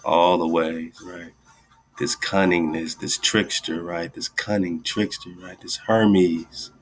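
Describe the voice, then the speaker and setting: A man's voice: sits low, little pitch movement, slow pace. A man hosting a radio talk show, rambling through ideas in casual commentary and tagging his lines with "right?" and "man". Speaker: radio host. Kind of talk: casual esoteric commentary over screen share.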